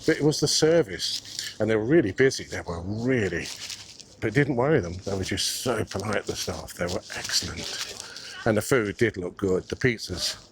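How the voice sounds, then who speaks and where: A fairly low-voiced man strolling city streets while filming, chatting away to his viewers and thinking out loud. He talks into a mic clipped under his coat, and faint street noise sits behind him. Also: expressive, normal speed. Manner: chatty, musing aloud, addresses viewers as guys. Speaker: vlogger. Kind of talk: casual walking-tour commentary. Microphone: clip mic under his coat.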